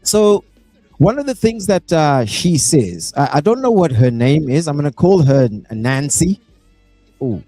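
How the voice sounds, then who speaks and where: A South African man doing live reaction commentary, animated and prone to bursting into shouts and whoops. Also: on the high side, measured pace, no room sound, faint music behind. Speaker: reaction streamer.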